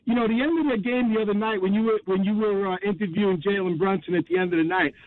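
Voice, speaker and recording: A man's voice: high-pitched, fairly even intonation, fast talker. A male radio caller speaking earnestly and talkatively, in a friendly way, over a phone line. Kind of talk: caller praising the hosts on air.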